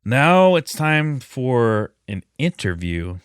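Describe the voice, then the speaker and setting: A man hosting an improvised comedy podcast, with a deadpan, mocking delivery. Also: medium pitch, takes it slowly, clear, resonant tone, dry recording, clean studio sound. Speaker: podcast host.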